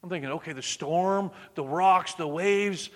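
A man preaching a sermon, swinging between loud emphatic bursts and hushed, near-whispered lines. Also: high voice, unhurried.

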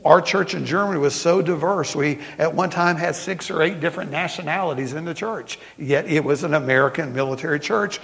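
A middle-aged man with a Southern accent, preaching a sermon as pastor in folksy storytelling style, slowing down for emphasis. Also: fairly high pitch, vocal fry, a bit bright. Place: church sanctuary. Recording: long hall reverb.

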